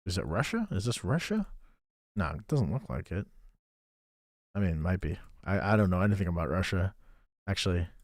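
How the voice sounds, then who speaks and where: Very animated and fairly quick, yet pausing often, a deep-voiced man live-streams a geography game while thinking aloud and chatting. He thanks viewers as he plays, and the recording is dry and studio quality.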